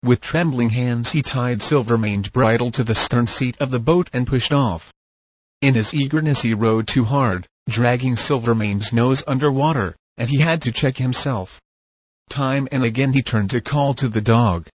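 A man narrating an audiobook in a steady, measured reading voice. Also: medium pitch, breathy edge, dry recording.

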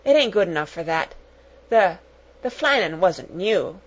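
A woman's voice: on the low side, expressive, a little slow, low-quality recording. A woman voicing a shy, eager young servant girl, speaking in timid, broken, dialect-heavy phrases in an audiobook. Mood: timid, grateful. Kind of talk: audiobook character voice.

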